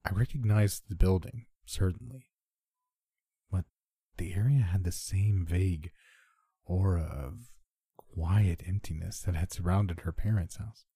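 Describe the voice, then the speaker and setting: Low, dark, husky male horror narrator. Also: no echo, clean studio sound. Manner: measured, subdued storytelling. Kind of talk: scripted first-person horror narration.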